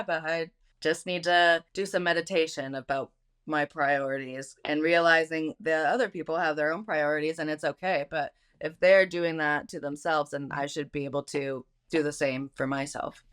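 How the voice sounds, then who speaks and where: A woman's voice: deep voice, steady tone, normal speed, fairly bright tone, clear, resonant tone. A woman speaking as the guest in a money interview, candid and self-deprecating about her spending. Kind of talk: candid conversation.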